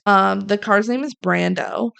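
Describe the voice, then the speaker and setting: Young female podcast co-host, fry-heavy voice, casual movie recapper who quotes the characters. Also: mid-range voice, a bit bright. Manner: retells scenes with quick acted-out quotes.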